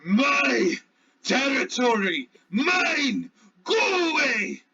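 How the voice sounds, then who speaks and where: A man's voice: very high-pitched, sing-song, extremely slow, bright, forceful tone, a little hiss or hum, pitched above the performer's own voice, exaggerated voice. A man voicing a territorial dinosaur that speaks in clipped, broken phrases, raised above his own voice. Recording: dull lo-fi audio.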